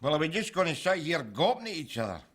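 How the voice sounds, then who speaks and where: A man's voice: on the high side, big pitch swings, quick pace, a bit bright. An actor with a Glaswegian accent playing a sarcastic, mocking Glasgow man in a sitcom. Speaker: lodger in a politician's home. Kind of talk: sitcom acting.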